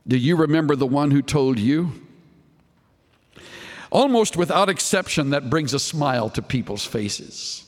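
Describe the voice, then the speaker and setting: A man preaches a sermon in an earnest, searching way, posing rhetorical questions and dropping low on the tag questions. He is animated and a little slow, with a long reverb tail behind him.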